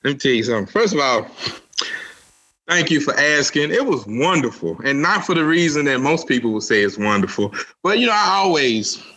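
Man, animated storyteller, casual podcast chat, bright tone, lively pitch. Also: brisk. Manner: animated storyteller, repeats "let me tell you something". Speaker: podcast co-host.

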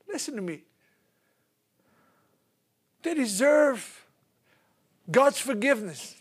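A middle-aged man, preaching a sermon in a folksy, animated storytelling way. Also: very high voice, very slow, pauses often, slightly rough.

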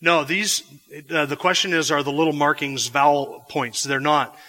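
A man's voice: fairly high pitch, steady tone, normal speed, pushed and bright. A man teaching a Bible class in a classroom or church hall, explaining patiently with frequent restarts. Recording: long hall reverb.

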